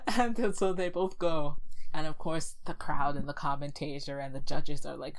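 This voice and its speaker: Low-voiced woman recapping a show. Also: normal speed, a little hiss or hum, low-quality recording. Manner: animated storytelling with many fillers, acting out quotes. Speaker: podcast co-host recapping a show. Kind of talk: casual chat.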